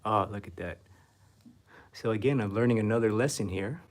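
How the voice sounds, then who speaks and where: A man teaching painting, talking to himself as he works, muttering, self-critical, slipping into soft whispers. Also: on the low side, normal speed. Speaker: art instructor. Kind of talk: painting demo with self-talk.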